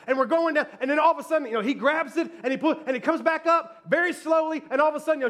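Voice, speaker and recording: A male pastor telling a funny story in a sermon, laughing often as he talks, then turning low and soft when reflective. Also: very fast, few pauses.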